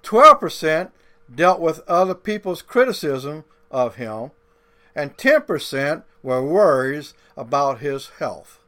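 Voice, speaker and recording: A man's voice: fairly high pitch, big pitch swings, pushed and bright. A male pastor delivering a sermon, drawing out key words and repeating points, with folksy grammar. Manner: deliberate, drawn-out emphasis with folksy grammar.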